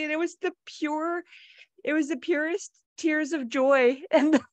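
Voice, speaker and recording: Animated, laughing woman telling a story. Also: sits high, a little slow, no room sound. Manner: animated, laughs often, acts out quoted dialogue. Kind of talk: casual storytelling.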